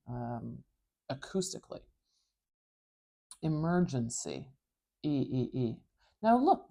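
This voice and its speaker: Woman w/ north american accent teaching phonetics, really low warm voice, slow and patient, sounds everything out. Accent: North American English. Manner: patient, slowly models each sound aloud. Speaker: speech and pronunciation coach. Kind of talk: tutorial explaining phonetic transcription.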